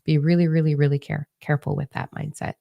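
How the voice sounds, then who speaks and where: A woman's voice: low voice, little pitch movement, fast talker, gravelly, lo-fi sound. A woman giving a casual spiritual energy forecast, frank and encouraging, swearing freely as she coaches her viewers.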